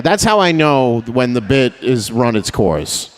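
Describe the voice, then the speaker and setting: Man, young adult, stand-up comedian, brash, profane, crowd work, live stage, medium pitch. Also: big pitch swings, a little slow. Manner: brash, profane, laughing at own jokes.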